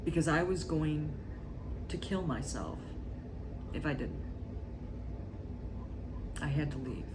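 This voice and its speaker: A woman vlogger speaking in short, halting, earnest phrases in a confessional talk to camera. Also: low voice, expressive, very noisy.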